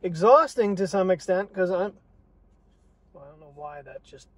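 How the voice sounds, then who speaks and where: A man's voice: high-pitched, expressive, normal speed, no room sound. A man chatting casually through a daily vlog outdoors, laughing often and talking to his dogs on a clip-on mic. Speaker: vlogger. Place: outdoors with dogs in cold air. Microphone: wireless clip-on mic.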